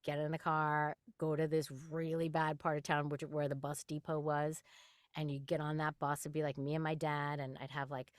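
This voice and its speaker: Animated low-voiced woman voice actress. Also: normal speed, no room sound, clean studio sound. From New York. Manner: animated storyteller, laughs often, acts out quotes. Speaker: voice actress guest. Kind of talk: casual interview chat.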